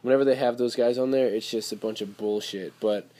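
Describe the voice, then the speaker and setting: A man's voice: mid-range voice, fairly even intonation, fairly quick, warm tone. Young male podcast host, casual banter, keeps it light and playful. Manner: laughing, jokey, mimics voices in bursts. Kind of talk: casual chat.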